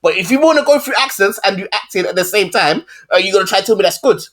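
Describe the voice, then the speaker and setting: Man co-host, high voice, combative and joking in casual film talk. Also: expressive, fast talker, fairly bright tone. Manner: heated, teasing, keeps calling others liars. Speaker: podcast co-host. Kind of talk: casual film review chat.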